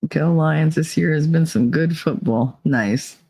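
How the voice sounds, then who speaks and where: Low, dark and a little breathy, a middle-aged woman's voice moves at a slightly slow pace as she hosts a livestream. She chats casually with viewers in the live chat, laughing and teasing often. There's no echo.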